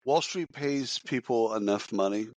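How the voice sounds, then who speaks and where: A man co-hosting a podcast, chatting in a relaxed, agreeable way. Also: medium pitch, moderate pace. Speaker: podcast co-host. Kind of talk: casual chat.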